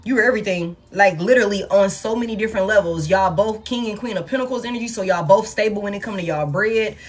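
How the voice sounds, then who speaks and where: A woman's voice: mid-range voice, fast talker, soft background music. A woman giving a casual, blunt and profane tarot reading to her viewers, laughing often. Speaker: tarot reader.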